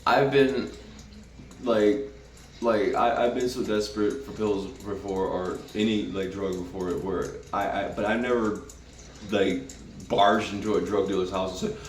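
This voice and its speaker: A man's voice: on the low side, fairly even intonation, measured pace, slight background noise. A man giving a casual, profane, rambling spoken review of a TV episode, with frequent restarts. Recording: roomy, from a distance.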